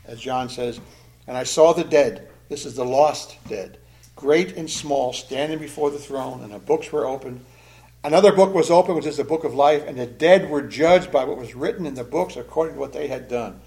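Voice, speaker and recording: A man's voice: mid-range voice, darkish tone. A man preaching a sermon in an earnest, emphatic way, pressing hard on key phrases. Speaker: pastor.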